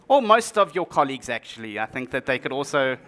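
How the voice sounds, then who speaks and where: A man's voice: mid-range voice, very animated, fairly quick, a bit bright. A man giving a tech conference talk to an audience, with a dry, joking delivery full of sarcastic asides. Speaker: conference speaker. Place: conference stage before an audience.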